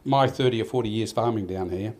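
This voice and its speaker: A man's voice: lowish voice, fairly quick, a little mellow. An older Australian man giving a rambling, heartfelt speech at a farmers' awards night, with many restarts. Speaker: event organiser giving a speech. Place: event hall.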